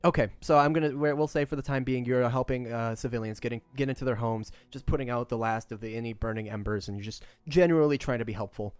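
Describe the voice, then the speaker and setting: A laid-back man with a clean, mid-range voice narrates as game master of a tabletop game, laughing easily.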